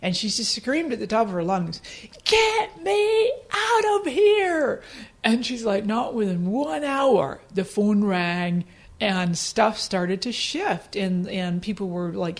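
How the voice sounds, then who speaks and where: A middle-aged woman with a Scottish accent, a podcast guest telling stories in casual talk. She laughs often and acts out her own past remarks in a higher voice. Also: normal speed. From Scotland. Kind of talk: casual storytelling interview.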